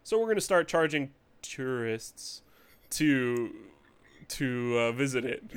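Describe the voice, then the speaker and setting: Smooth-voiced podcast guy from Hawaii. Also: mid-range voice, lively intonation, slow pace. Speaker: podcast co-host. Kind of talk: casual chat.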